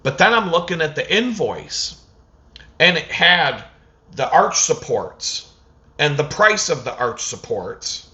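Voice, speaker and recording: In a casual vlog rant, a man tells a story full of swearing, animatedly acting out what people said to him. His voice is a little high and slow, with lo-fi sound.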